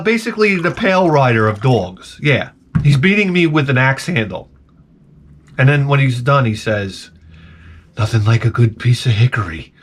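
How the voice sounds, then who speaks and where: A man's voice: on the high side, fairly bright tone. A man telling a rambling, profane story in a casual comedic rant to his vlog audience. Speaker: vlogger.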